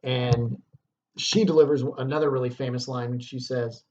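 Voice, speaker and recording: A man's voice: mid-range voice, fairly even intonation, normal speed, darkish tone. Guy teacher casually explaining stuff, lots of um and okay, kinda muffled audio. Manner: casual, with fillers and check-ins. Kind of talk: casual lesson explaining a play.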